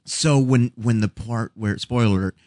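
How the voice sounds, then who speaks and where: A man's voice: medium pitch, normal speed, a little mellow, no room sound, clean studio sound. A middle-aged man in casual chat, telling stories in an emotional, self-deprecating way.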